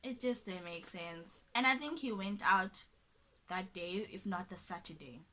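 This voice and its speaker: Bright-voiced young woman vlogger. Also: mid-range voice, unhurried. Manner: animated, drops to a mutter when dismissive. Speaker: vlogger telling a dating story. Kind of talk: casual storytime chat.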